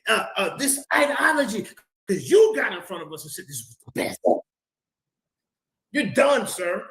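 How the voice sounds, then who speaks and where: A man's voice: extremely high pitch, very animated, normal speed, fairly bright tone, echoey room, low-quality recording. A man delivering a fiery rebuttal in an online debate, repeating himself in a preacher-like cadence. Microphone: video call.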